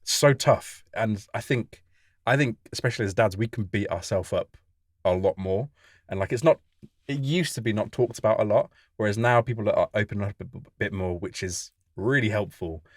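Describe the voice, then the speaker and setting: Low-voiced dad talking candidly. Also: male voice, moderate pace, no echo, clean studio sound. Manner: candid, reflective. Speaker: podcast co-host. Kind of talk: casual chat.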